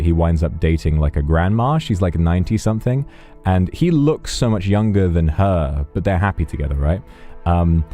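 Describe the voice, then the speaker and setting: This streamer's voice is fairly low and warm. His livestream chat is casual and wry, wandering along as he frequently cuts his own sentences short.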